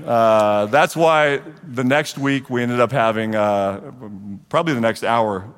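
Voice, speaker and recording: A man in his forties, a guest speaker at a church men's group, gives a storytelling testimony and acts out the dialogue with lively energy. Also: mid-range voice. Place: church hall. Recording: long reverb of a large hall.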